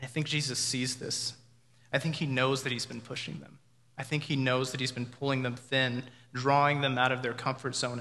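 A man delivers a sermon in a bright, forceful voice, talking it through conversationally and reflectively. His words carry a long reverb, as if spoken in a large hall. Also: mid-range voice. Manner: conversational, reflective, with imagined dialogue. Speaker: pastor.

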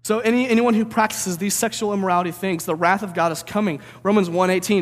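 A preacher from St. Louis giving an energetic, conversational sermon, often checking in with "right?". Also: male voice, sits high, fairly quick, few pauses, long reverb tail. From St. Louis, USA.

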